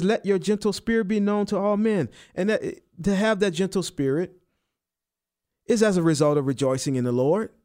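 A man preaching a sermon, repeating and stressing key phrases and rising in pitch on the emphatic ones. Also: darkish tone. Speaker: pastor.

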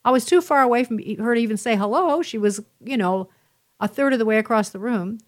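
Lady host chatting to her listeners, highish voice, tells stories, repeats stuff for emphasis. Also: quick pace. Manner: animated storytelling, emphatic repetitions. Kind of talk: casual monologue to listeners.

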